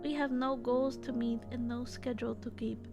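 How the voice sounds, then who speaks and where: A woman reading out the lines of a gentle, patient man who runs a tea shop, in a soft, unhurried way. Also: on the high side, fairly even intonation, vocal fry, music in the background. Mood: calm. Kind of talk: reading game dialogue aloud.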